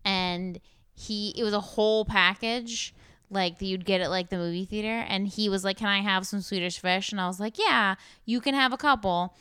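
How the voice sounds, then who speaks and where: A young woman co-hosting a casual chat, telling stories in an animated way with plenty of fillers. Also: medium pitch, moderate pace, clear, resonant tone, no echo. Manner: animated storyteller, lots of fillers. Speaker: podcast co-host.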